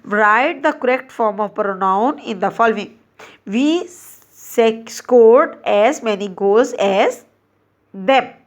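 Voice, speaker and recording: A woman teacher reading out grammar exercises and labelling each answer, slow and deliberate, correcting herself as she goes. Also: a little high, lively intonation. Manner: slow and deliberate, with frequent restarts and self-corrections. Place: Pakistan.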